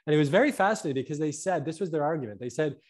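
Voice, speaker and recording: A man talking about health as a guest, animated and fond of tagging his points with "right?". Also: fairly high pitch, rapid-fire. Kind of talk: casual conversation.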